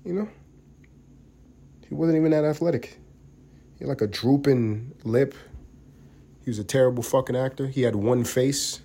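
A man's voice: medium pitch, moderate pace, husky. Profane young New man rambling. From New York, USA. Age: young adult. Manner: profane, rambling, swings between loud and mumbled. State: getting over the flu. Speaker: podcast host. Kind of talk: casual monologue.

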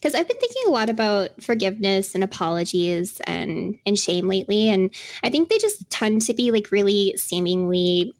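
A woman's voice: mid-range voice, very animated, moderate pace, hardly any pauses, a little mellow, dry recording. Young woman podcast cohost, loose chatty talk, lots of laughs, dry close mic. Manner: chatty, laughs often, many fillers. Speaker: podcast co-host. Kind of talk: casual podcast chat.

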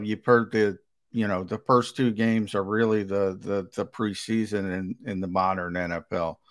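A man giving sports analysis on a talk show, starting over often and pressing his points with emphasis. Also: lowish voice. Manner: hesitant restarts, emphatic and animated.

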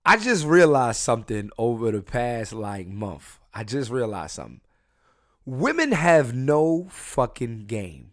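This young man, drunk and high, records a casual solo podcast rant from his room at home, speaking at a measured pace but very animated. He jokes loosely, and his mumbled asides burst into loud emphasis.

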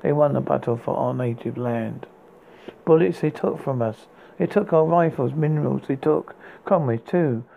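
With a mellow, medium-pitched voice touched by vocal fry, a male podcast host reads poems at a moderate pace. He often stumbles and restarts words. The recording has a tinny, phone-quality sound and a faint hiss.

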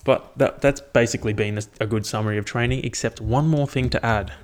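A man's voice: mid-range voice, fairly even intonation, fairly quick. A young man casually recapping his training, rambling and swearing freely in an upbeat way. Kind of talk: casual chat.

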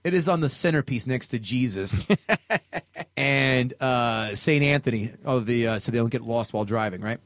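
A man's voice: mid-range voice, moderate pace, fairly bright tone, no room sound, studio quality. A man co-hosting a comedy film podcast, reading reviews aloud with mock dramatic emphasis.

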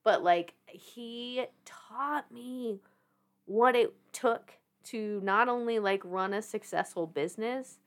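A woman in her thirties with a Southern US accent tells a story as a podcast guest, her voice a little high and her pace slow. She's casual and animated, laughing often, cursing, and restarting sentences.

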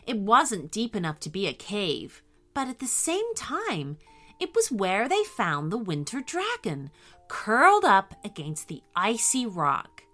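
A woman reading a bedtime story aloud in a slow, expressive, gentle way. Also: mid-range voice, soft background music.

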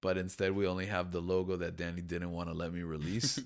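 A man's voice: sits low, steady tone, fast talker. A man co-hosting a podcast in casual chat, telling stories and acting out quotes with frequent laughs. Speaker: podcast co-host.

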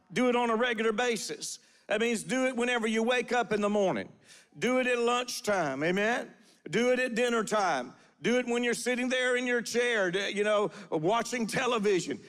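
A high-pitched man preaching in a church sanctuary, his voice trailing off into a long hall reverb. He repeats his phrases, sprinkles in "uh", and calls on the congregation to answer back. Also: lively intonation, moderate pace, a bit bright. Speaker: pastor. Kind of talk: sermon with prophetic declarations.

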